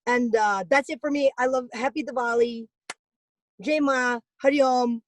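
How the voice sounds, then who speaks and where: A woman's voice: a little high, steady tone, moderate pace, low-quality recording. A young woman on a video call, giving a rambling, jokey comic monologue with big swings of voice. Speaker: comedian guest on video call.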